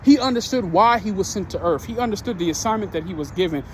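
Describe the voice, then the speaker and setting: A man preaching a sermon, retelling a Bible story in an earnest, halting way with frequent restarts. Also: sits high, expressive, a little hiss or hum.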